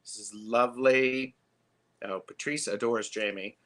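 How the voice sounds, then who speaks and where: Bright-voiced chatty man, slow and halting. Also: medium pitch, fairly even intonation. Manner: chatty, halting, many fillers. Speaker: host of a live tarot stream. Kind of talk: casual live-stream chat.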